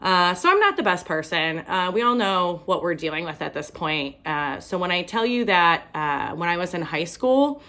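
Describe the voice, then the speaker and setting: A woman's voice: fairly low pitch, very animated, moderate pace, hardly any pauses, sharp tone. A young woman from Ohio performing a stand-up comedy set, self-deprecating and often laughing at her own jokes. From Ohio, USA.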